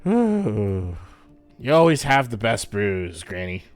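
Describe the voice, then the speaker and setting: A man's voice: lowish voice, big pitch swings, takes it slowly, dry recording. A man voicing a group of small, mischievous fey redcap creatures in a tabletop game, drawing out his words in a sing-song way. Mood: satisfied.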